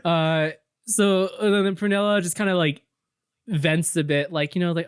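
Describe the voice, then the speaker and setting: A man's voice: high-pitched, steady tone, moderate pace, clean tone, no echo. Young guy rambling thru a story, lots of likes, dry mic. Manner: rambling, lots of fillers and laughs. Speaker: podcast guest. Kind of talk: casual chat, improvised storytelling.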